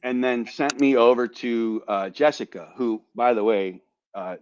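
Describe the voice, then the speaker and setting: A man on a podcast telling a story in a casual, animated way, swearing and repeating words as he goes. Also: mid-range voice, measured pace, lo-fi sound, a little hiss or hum. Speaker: podcast host, veteran.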